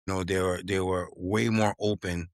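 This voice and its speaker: Podcast host, young New man, low voice, dry close mic, animated storyteller. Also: normal speed, no echo. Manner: animated, acts out quotes in a raised voice, drops "yo" and "you know what I mean". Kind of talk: casual storytelling chat.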